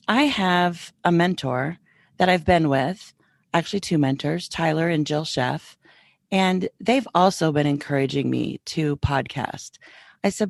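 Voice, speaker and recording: Chatty low-voiced woman with a gravelly edge. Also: dry recording, studio quality. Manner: chatty, quotes others in lively back-and-forth. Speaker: podcast host. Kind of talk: casual storytelling.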